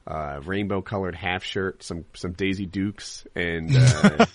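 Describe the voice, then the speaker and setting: Animated man chatting casually, dry sound. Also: low voice, slow pace, dry recording. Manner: candid, rambling, laughs easily, frequent restarts. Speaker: podcast host and live streamer. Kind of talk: casual chat.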